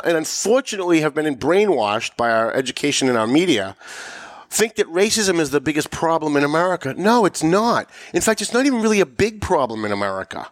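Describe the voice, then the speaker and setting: Emphatic man with a higher voice. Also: no room sound, studio quality. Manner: emphatic, rising to sharp mocking peaks. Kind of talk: political commentary chat.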